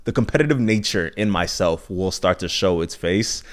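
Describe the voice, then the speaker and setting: A relaxed American man in his twenties, with a somewhat low voice, chats through a casual podcast monologue. He rambles, drifts into asides, and stops to fix his own words, with a sigh here and there. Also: normal speed. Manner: loose, chatty, self-correcting with sighs and asides. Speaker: podcast host.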